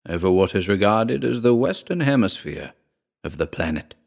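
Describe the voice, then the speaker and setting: A man's voice: lowish voice, sing-song, moderate pace, gravelly, a little mellow, exaggerated voice. A man reading a story aloud and voicing an alien broadcaster in a droning, penetrating sing-song.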